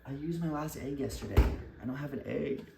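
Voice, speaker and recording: A man's voice: on the high side, brisk, heavy background noise. A young man vlogging while baking at home, talking candidly and rambling, laughing often and swearing casually. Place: home kitchen, indoors. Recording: echoey room, distant mic.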